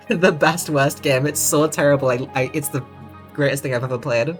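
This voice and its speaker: A woman streamer giving live gameplay commentary, gushing and excitable, swearing and laughing often. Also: low voice, normal speed, soft background music.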